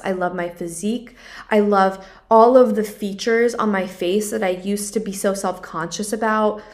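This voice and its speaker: A young woman hosting her own podcast, talking through a personal story in an earnest, confessional way, with lots of "like" fillers. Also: medium pitch. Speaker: podcast host. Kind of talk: personal reflective monologue.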